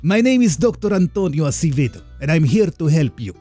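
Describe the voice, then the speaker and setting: A man's voice: on the high side, sing-song, fairly quick, warm tone, faint music behind, voice pushed up. A man voicing an eager, overly friendly male psychiatrist in a put-on Spanish-type accent, read from a visual novel game. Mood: cheery.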